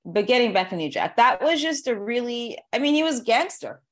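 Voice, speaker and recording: A woman's voice: a little high, big pitch swings, a little fast. A woman hosting a podcast, chatting casually in a blunt, profane way and laughing often. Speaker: podcast host. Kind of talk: casual chat.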